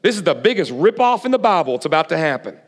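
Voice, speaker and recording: A man's voice: on the high side, fast talker, long reverb tail. A man preaching a sermon, retelling a story and questioning the audience. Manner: animated, asks the audience questions.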